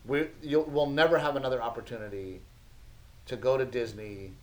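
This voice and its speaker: A man's voice: mid-range voice, steady tone, normal speed, low-quality recording. A man in his thirties, a podcast co-host, telling family stories in a casual chat, laughing often and acting out his son's lines.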